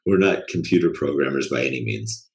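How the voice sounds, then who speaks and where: A man's voice: very deep voice, lively intonation, a little fast, vocal fry. A man co-hosting a podcast in casual chat, laid-back, trailing off and swearing casually. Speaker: podcast co-host.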